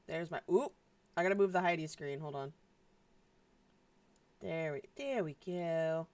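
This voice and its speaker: A woman's voice: low voice, unhurried, darkish tone. Woman streamer, casual live chat; rambly, filler-laden, swears freely, trips over her own restarts.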